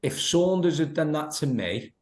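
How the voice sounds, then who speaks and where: A man's voice: a little high, lively intonation, normal speed. Man telling stories in a roomy echo. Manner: laughing storyteller, many restarts, acts out quotes. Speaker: podcast guest, former footballer. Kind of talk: anecdotal podcast chat.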